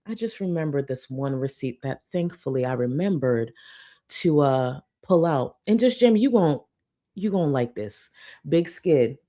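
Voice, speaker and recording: A woman's voice: low-pitched, animated, a little slow, mellow. A young woman hosting a casual commentary livestream, chatting and reading out supporter messages. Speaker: livestream host.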